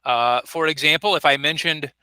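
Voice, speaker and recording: Bright-voiced male ESL teacher. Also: fairly high pitch, normal speed, dry recording, poor audio. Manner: clear, patient, modeling pronunciation. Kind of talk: online class teaching. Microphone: video call.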